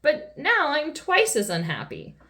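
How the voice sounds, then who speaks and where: A woman's voice: fairly low pitch, huge pitch swings, normal speed, a bit bright. A woman playing a weepy sobbing king. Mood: wailing. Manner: wailing, blubbering.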